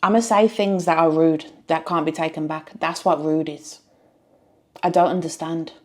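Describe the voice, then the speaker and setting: A woman's voice: low-pitched, steady tone, moderate pace. A woman giving blunt, emphatic reaction commentary on a reality show. She repeats phrases for effect and swears freely.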